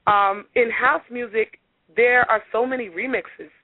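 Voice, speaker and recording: A woman singer being interviewed on talk radio, telling stories in a lively way and acting out the dialogue. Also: fairly high pitch, a little slow, dry recording. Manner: animated, acts out dialogue in her stories. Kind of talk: casual radio interview storytelling. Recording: dry, phone-like radio audio.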